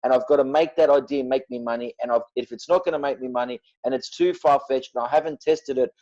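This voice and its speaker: A man speaking as a podcast guest, blunt and forceful, cursing freely as he makes his points. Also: mid-range voice, fast, highs cut off. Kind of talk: passionate podcast talk.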